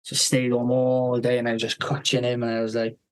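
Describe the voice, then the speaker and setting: A man, hosting a podcast, who tells a rambling, animated story, swearing constantly and laughing partway through. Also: mid-range voice, a little fast, rough recording. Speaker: podcast host. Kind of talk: casual storytelling chat.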